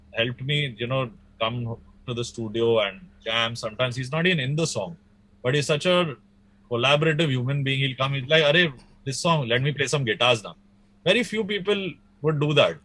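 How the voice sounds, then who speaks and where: A man's voice: mid-range voice, moderate pace, a bit bright. A young man, a musician talking casually in an interview, rambling with restarts and fillers. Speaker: guest musician.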